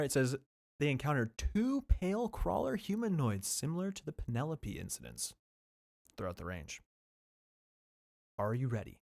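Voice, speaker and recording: A man co-hosting a podcast in an easygoing, casual chat. He talks in a relaxed way, with frequent filler words and loose phrasing. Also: medium pitch. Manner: relaxed, filler-heavy with lots of "like". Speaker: podcast co-host.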